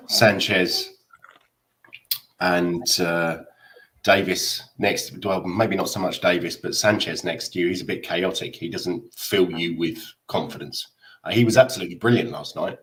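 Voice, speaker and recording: Deep-voiced hesitant male panelist. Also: fairly even intonation, measured pace, a bit bright, low-quality recording. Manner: hesitant, many ums, frank opinions. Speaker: podcast panelist. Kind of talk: casual football analysis.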